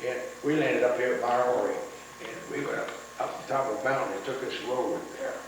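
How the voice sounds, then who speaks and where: A man's voice: mid-range voice, fairly quick. An older veteran man tells rambling wartime stories, repeating words and acting out what others said. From United States. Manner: rambling storyteller, repeats words, acts out quotes. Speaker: veteran interviewee. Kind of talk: oral history recollection. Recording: echoey room, distant mic, faint noise.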